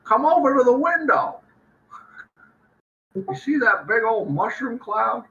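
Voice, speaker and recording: A man impersonating a slow, drawling film hero. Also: very high voice, lively intonation, pushed and bright, far from the mic, lo-fi sound, heavily acted. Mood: earnest. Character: drawling old-movie leading man, adult male, earnest.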